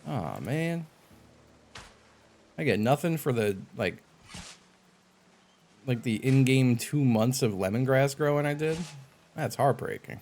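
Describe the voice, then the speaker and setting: A man with a mid-range voice streams a game live, unhurried and pausing often, with slight background noise. He chats casually with viewers but turns animated, swearing and bursting out in exasperation.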